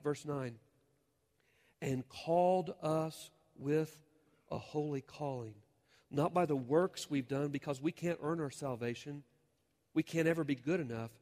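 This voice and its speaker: Guy pastor preaching in a church, slightly high voice, gets fired up and loud. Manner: earnest, building to fervent appeals. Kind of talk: sermon. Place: church sanctuary.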